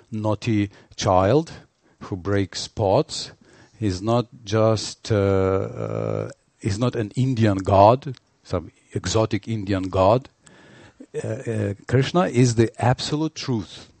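A man giving a devotional lecture, halting and restarting, telling stories animatedly. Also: on the low side, creaky, dry recording. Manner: halting, many fillers and restarts, animated storytelling. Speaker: spiritual teacher.

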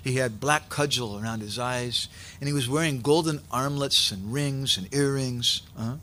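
A man preaching, telling a sacred story in an animated way and acting out its characters. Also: mid-range voice, normal speed, slight background noise. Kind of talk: sermon storytelling.

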